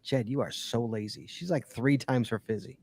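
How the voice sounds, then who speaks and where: Chatty podcast guy teasing his cohost, dry close sound, middle pitch. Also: moderate pace, darkish tone, husky, dry recording. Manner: chatty, teasing, reads listener emails aloud. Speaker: podcast co-host. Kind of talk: casual podcast chat and ad reads.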